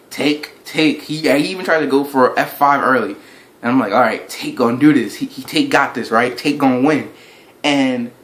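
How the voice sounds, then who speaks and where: A man talks through a wrestling event in a loose, rambling reaction video. His voice sits at a middle pitch. He recounts the action play-by-play and gets excited as he goes. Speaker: wrestling fan reviewer.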